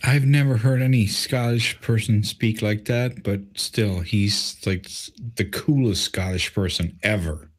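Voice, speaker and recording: A man co-hosting a casual live stream, blunt and teasing, quick to argue a point. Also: lowish voice. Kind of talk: casual chat.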